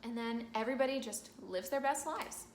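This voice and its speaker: A young woman hosting a very casual, slangy summary of an opera, tossing in quick asides as the characters. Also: fairly high pitch, reverberant, slight background noise. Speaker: host.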